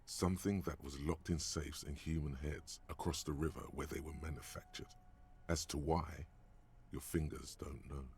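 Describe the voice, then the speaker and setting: An actor voicing a detective's solemn inner voice in a game, speaking in an ominous, narrating manner. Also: male voice, extremely low pitch, fairly even intonation, moderate pace, darkish tone, a little hiss or hum.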